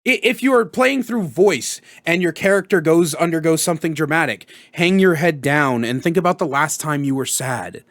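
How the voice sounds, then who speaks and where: A man giving tabletop role-playing tips in a casual tutorial vlog, energetic and chatty, with offhand swearing. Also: on the high side, moderate pace, few pauses. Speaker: tabletop gaming content creator.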